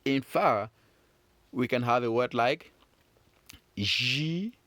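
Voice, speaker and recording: A man teaching French phonics to children in a patient, encouraging way, repeating sounds slowly. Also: mid-range voice, fairly bright tone, no room sound. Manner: slow, patient, encouraging, drawn-out repetitions.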